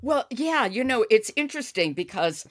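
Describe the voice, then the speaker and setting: A woman's voice: on the high side, big pitch swings, moderate pace. A woman interviewing a guest, laying out her thoughts before asking questions.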